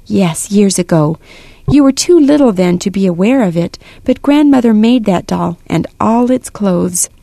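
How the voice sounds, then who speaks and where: Gentle patient mother, calm reassuring tone, mellow dry voice, read by a woman. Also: mid-range voice, normal speed, creaky, no echo.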